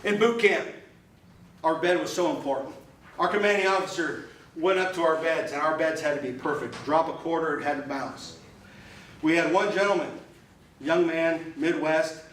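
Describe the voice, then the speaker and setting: A man's voice: fairly high pitch, normal speed, a bit bright, slight background noise. Male club speaker, punchy storyteller, echoey room from far off. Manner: punchy and emphatic with repeated phrases. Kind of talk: motivational speech with storytelling. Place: meeting room.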